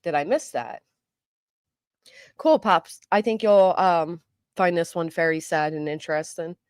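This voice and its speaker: A middle-aged woman hosting a live stream, chatting casually with viewers, greeting them by name, and talking fast and loud. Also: fairly low pitch, smooth, no echo, studio quality. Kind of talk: casual live chat, reading comments.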